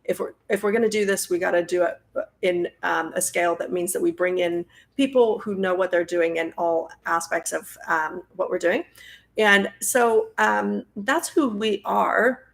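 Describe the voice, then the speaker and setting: Woman host, friendly chatty live-stream intro, gravelly fry. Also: fairly low pitch, normal speed. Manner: friendly, chatty, many fillers. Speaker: host and nonprofit president.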